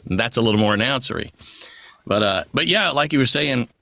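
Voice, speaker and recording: Bright-voiced chatty male voice actor. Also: medium pitch, lively intonation, gravelly, no echo, studio quality. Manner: chatty, rambling, quick asides. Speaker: voice actor guest. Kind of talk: conversational interview.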